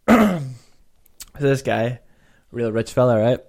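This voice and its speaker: A young man with a mid-pitched voice, spinning a joke in a playful, teasing tone during a casual podcast chat. He laughs easily between lines. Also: very animated, slow pace, darkish tone. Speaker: podcast co-host. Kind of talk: casual chat, telling jokes.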